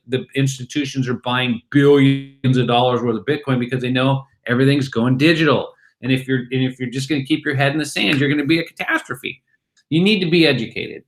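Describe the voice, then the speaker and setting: Excited middle-aged man pitching crypto. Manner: excited, acts out bar chatter in voices. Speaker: crypto company guest. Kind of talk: animated interview talk.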